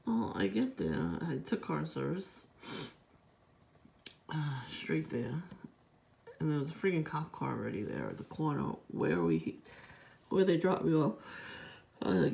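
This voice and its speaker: Stuffy-nosed woman venting on her vlog, lively ups and downs, cusses a lot. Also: sits low, normal speed, creaky, long pauses, a little hiss or hum. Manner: rambling, swearing, ranting. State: congested, nasal from a cold. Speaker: vlogger. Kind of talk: casual vlog chat.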